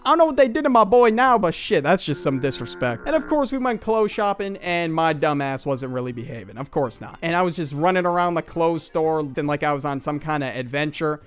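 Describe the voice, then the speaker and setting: Man in his 20s, casual comedic storytelling, profane, lively pitch, faint music behind. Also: fairly quick, hardly any pauses, clean tone. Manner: animated, profane, talks to viewers as bro.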